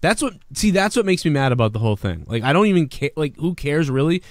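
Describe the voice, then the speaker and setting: A man co-hosting a casual podcast chat, excitable and teasing, with frequent swearing. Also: on the high side, fast, no echo, clean studio sound. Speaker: podcast co-host.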